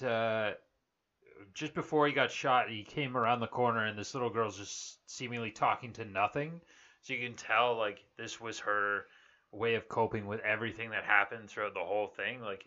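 A man's voice: mid-range voice, pushed and bright, dull audio. A man in a casual movie chat who stops and restarts his sentences with many ums. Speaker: podcast co-host.

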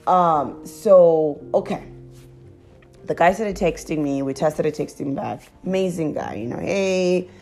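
A woman telling her viewers a confessional story in a chatty, animated way, laughing as she goes. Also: measured pace, creaky, faint music behind. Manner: laughs often and breaks into high squeals. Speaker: vlogger.

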